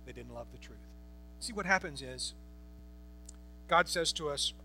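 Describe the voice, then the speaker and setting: A man's voice: medium pitch, expressive, a little slow, bright, forceful tone, slight background noise. A man preaching a Bible-teaching sermon, emphatic, repeating phrases and asking rhetorical questions. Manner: asks the congregation rhetorical questions.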